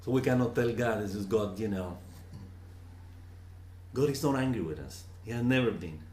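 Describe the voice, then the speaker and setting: A man giving a slow, earnest reflective teaching on scripture, often repeating words for emphasis. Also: lowish voice, darkish tone, echoey room, a little hiss or hum. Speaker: spiritual teacher.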